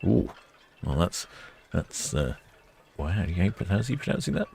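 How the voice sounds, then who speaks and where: A man with an extremely deep, low voice hosts a live stream in an easygoing way. He muses aloud as he talks and answers viewer comments with a dry, wry humour. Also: sing-song, measured pace, gravelly, warm tone, slight background noise. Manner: chatty, musing aloud, wry.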